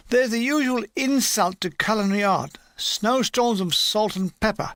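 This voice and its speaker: Gravelly, bright-voiced man reading a memoir. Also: sits high, no room sound. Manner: dry, playful storytelling. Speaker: audiobook reader. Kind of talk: reading a humorous war memoir aloud.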